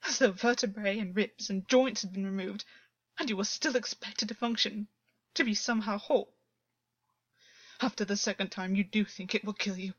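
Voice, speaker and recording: A woman's voice: medium pitch, slightly rough, dry recording, dull audio, lightly acted. A woman voicing a tormented male water-horse fae. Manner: frantic, broken pleading.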